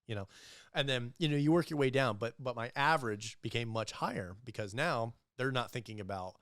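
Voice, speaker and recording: A young man telling animated, profane sales stories as a guest in a casual podcast interview, acting out the people he quotes. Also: mid-range voice, fairly quick, no echo, clean studio sound. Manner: animated, profane storyteller who acts out quoted voices. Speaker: entrepreneur guest.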